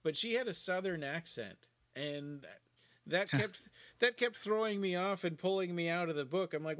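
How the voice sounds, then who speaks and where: Speaking at normal speed in a high-pitched, fairly bright voice, this man co-hosts a podcast with a neutral, news-like General American accent. He's easily amused, and his casual chat is hesitant with frequent restarts.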